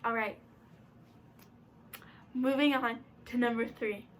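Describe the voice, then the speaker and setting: A young woman vlogging at home, chatting to the camera in a gushing, excitable way, sometimes half-shouting. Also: a little high, takes it slowly, a little hiss or hum. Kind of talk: casual chat to camera. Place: room at home.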